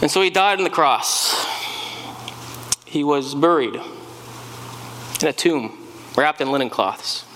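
A man preaches as an earnest eyewitness follower of Jesus in a dramatic first-person sermon monologue, his voice high and bright. He stumbles over and repeats words as the story stirs him. It is recorded in an echoey hall with a faint hum behind. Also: lively intonation, takes it slowly, pauses often.

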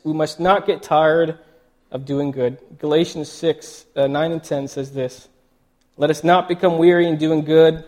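A male pastor giving a sermon, emotional and choked up, halting with many restarts and fillers. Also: mid-range voice, a little mellow.

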